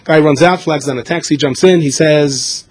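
A man giving a storytelling sermon, animated and acting out the voices in his tales. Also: on the high side, moderate pace, a little hiss or hum. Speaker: speaker.

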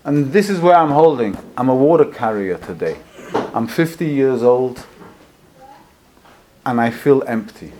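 A man voicing a humble middle-aged water carrier who pleads in a low, heartfelt way. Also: animated, unhurried, long pauses, noisy background, close to an everyday voice. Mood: weary. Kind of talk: storytelling sermon.

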